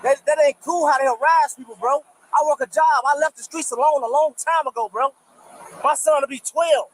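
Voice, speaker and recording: A man's voice: very high-pitched, fairly quick, poor audio. A man at a roadside traffic stop, arguing with police in an angry, defiant, profane way. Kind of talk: heated argument with police.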